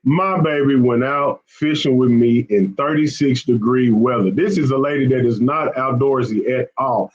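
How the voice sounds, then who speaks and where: A man's voice: medium pitch, normal speed, hardly any pauses, lo-fi sound. A man hosting a fishing channel, chatting casually with viewers on a live stream. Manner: chatty, repetitive, often says man and y'all.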